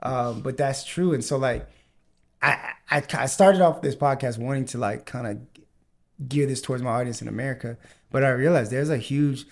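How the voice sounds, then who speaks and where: A man's voice: mid-range voice, moderate pace, vocal fry. A man hosting a casual podcast chat, talking with many fillers and restarts. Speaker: podcast host.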